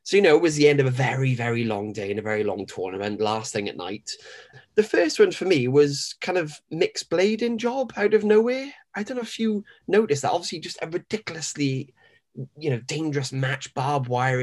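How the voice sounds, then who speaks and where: A man's voice: mid-range voice, a little mellow. A man co-hosting a podcast, chatting casually with a rambling, enthusiastic manner and frequent laughter. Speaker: podcast co-host. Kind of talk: casual chat.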